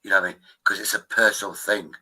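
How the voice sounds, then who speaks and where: A man's voice: lowish voice, little pitch movement, pushed and bright, slightly rough, rough recording. A man chatting casually on a stream, swearing and joking. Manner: swearing, banter, quick asides. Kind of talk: casual chat.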